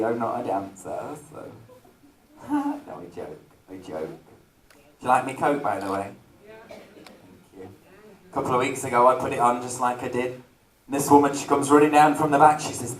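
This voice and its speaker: A man's voice: mid-range voice, moderate pace, pauses often, slight background noise. A man doing camp, self-mocking stage banter as a drag entertainer at a holiday park venue. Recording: echoey venue recorded from far off.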